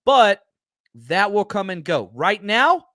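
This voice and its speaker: Heated, high-pitched podcast host. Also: male voice, very animated, takes it slowly, bright, forceful tone, no room sound, studio quality. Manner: heated, emphatic, repeats his points. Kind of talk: fired-up live show rant.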